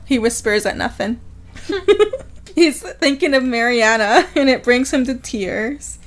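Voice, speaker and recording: A woman co-hosting a book podcast, casually retelling a novel's chapter in a giggly, lively way. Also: high voice, slow pace. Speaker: podcast co-host.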